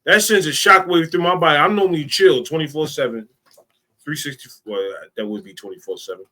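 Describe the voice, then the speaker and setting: A man's voice: a little high, brisk, sharp tone. A man leading an informal teaching talk, speaking emphatically and repeating his key phrases.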